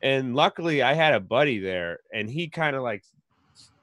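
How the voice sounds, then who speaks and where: A man's voice: medium pitch, expressive, normal speed, fairly bright tone, no room sound. A man telling a story in casual podcast chat, rambling with many fillers. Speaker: podcast guest.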